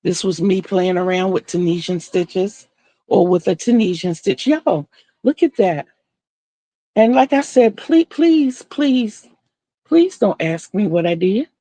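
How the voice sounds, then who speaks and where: A woman's voice: lowish voice, unhurried, mellow, no echo. An older woman chatting casually on a live stream as she crochets, rambling and repeating herself.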